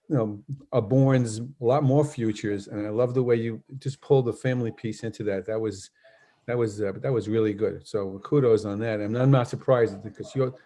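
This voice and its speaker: A man's voice: medium pitch, dark tone. A man hosting an interview who praises his guest effusively and stammers and repeats words as he talks. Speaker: host. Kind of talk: interview chat.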